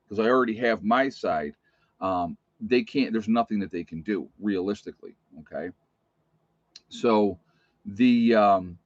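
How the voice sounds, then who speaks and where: A man's voice: on the low side, no room sound. A man who works as a nurse tells stories from his shifts in a blunt, plainspoken, emphatic way, in a casual vlog. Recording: dull, muffled recording.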